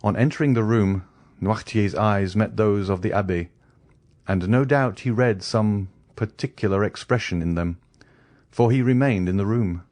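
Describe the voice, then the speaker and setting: A man reads a classic novel for an audiobook, delivering scripted narration in a measured, even way. His voice is on the low side, and the recording is dry.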